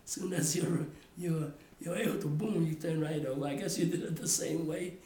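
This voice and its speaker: A man's voice: fairly high pitch, fairly even intonation, normal speed, dark tone. An older man tells family stories in an oral history interview. He rambles and restarts his sentences often. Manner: rambling storytelling with many restarts. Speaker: father telling family stories. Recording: roomy echo.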